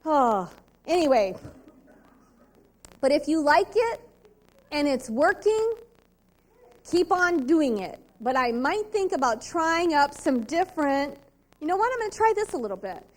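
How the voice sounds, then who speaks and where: A woman's voice: sits high, very animated, a little slow, long pauses. A woman giving a motivational sales training talk, emphatic and quizzing the audience with rhetorical questions. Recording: 2002 VHS convention tape.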